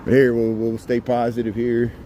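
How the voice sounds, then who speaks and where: Walking a city street outdoors at dusk, a middle-aged Indiana man keeps up a chatty, rambling livestream commentary, saying hello to passersby. He speaks at a normal speed in a monotone, medium-pitched voice, over outdoor street noise and traffic.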